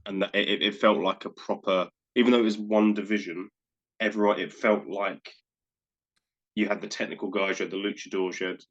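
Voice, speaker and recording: A man's voice: lowish voice, fairly even intonation, a little fast, a bit bright, dull audio. A man co-hosting a podcast, casually recapping wrestling matches and often repeating words as he goes. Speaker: podcast co-host. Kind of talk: casual wrestling review chat.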